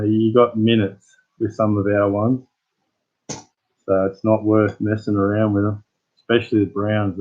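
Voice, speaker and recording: A man's voice: on the low side, phone-quality sound. An Australian man hosting his channel, chatting casually with live viewers as a rambling, laid-back storyteller. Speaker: channel host.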